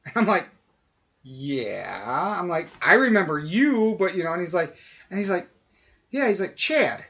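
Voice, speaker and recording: His voice sits high and gravelly, delivered at a measured pace, as this podcast co-host works through a long casual story. He tells it animatedly, acting out the quoted voices, on a dull lo-fi recording.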